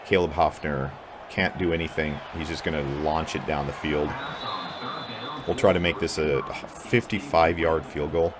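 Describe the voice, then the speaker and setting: Swearing often and bursting into anger, a young man sarcastically narrates his own video game match in a very deep, steady voice at normal speed. Background noise and clearly heard game music fill the recording.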